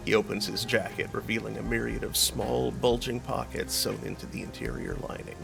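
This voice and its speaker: A man streaming a game, reading its story text aloud in a measured, descriptive way. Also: lowish voice, creaky, a bit bright, soft background music.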